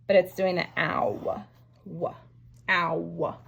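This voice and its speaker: A woman teaching a writing lesson to young children, slowly sounding out each word letter by letter. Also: lowish voice, vocal fry, a bit bright. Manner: slow, stretched phonics sounding-out. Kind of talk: early-grade writing lesson, sounding out words.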